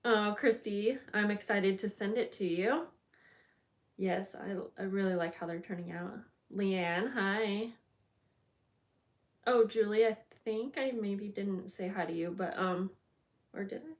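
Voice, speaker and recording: A woman's voice: mid-range voice, measured pace. A woman hosting a live bookbinding stream, chatting casually and greeting viewers by name while she works, often thinking aloud and losing track of her steps. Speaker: bookbinding crafter hosting a livestream. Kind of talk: casual chat while working on a craft.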